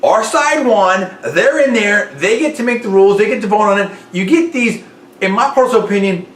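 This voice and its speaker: A man's voice: sits high, animated, brisk, a bit bright. A man hosting a political commentary show, giving his opinion emphatically, repeating his points and hedging them as personal opinion. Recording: roomy echo.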